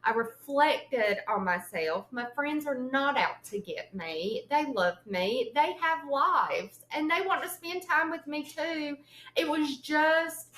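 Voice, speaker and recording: A young woman co-hosting a chat podcast, her voice bright and a touch high. She tells stories in a rush and acts out every line she quotes. The room around her is noticeably echoey. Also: slow pace. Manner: animated storyteller, acts out quotes with sudden yelps. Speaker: podcast co-host. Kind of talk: casual chat.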